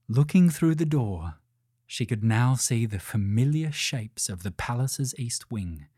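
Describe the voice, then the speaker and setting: A man narrating a children's storybook in a gentle, measured way. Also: mid-range voice, no room sound, studio quality.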